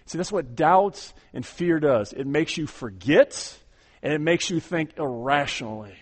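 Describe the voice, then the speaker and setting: A man preaching a sermon with a folksy, conversational manner and rhetorical questions, swinging from quiet asides to loud, drawn-out proclaiming. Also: fairly high pitch, expressive. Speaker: pastor. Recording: long hall reverb.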